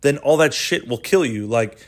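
Young guy ranting on his podcast, swears a lot, rambles, mid-pitched voice. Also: moderate pace. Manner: rambling, profane, animated storytelling. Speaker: podcast host. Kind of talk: casual solo podcast rant.

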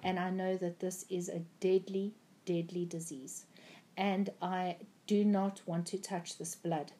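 A woman's voice: fairly low pitch, flat delivery, measured pace, warm tone. A woman earnestly recounting a prophetic dream, with frequent ums and restarts. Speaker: Christian speaker.

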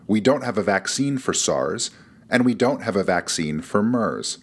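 A man's voice: on the low side, lively intonation, a little slow, husky. A man hosting a podcast, reading a scripted narration with a dry, wry delivery. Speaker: podcast host.

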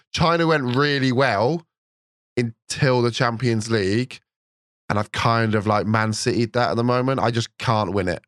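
A man co-hosting a podcast, chatting and telling a long story with excited energy. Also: medium pitch, no room sound, clean studio sound. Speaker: podcast co-host. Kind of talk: casual podcast chat.

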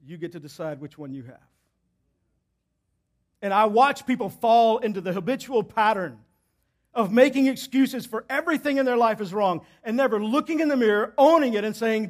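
Preaching in church, this man uses a high-pitched voice with lively intonation at normal speed. He repeats his main points emphatically, moving back and forth between booming and quiet passages.

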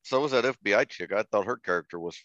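Low-voiced man with crude, deadpan jokes. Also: quick pace, dry recording, highs cut off. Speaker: podcast co-host. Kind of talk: casual movie review chat.

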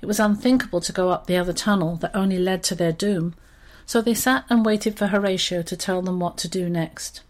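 A woman reading a children's story aloud in an expressive, steady storytelling manner. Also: fairly low pitch, brisk, few pauses.

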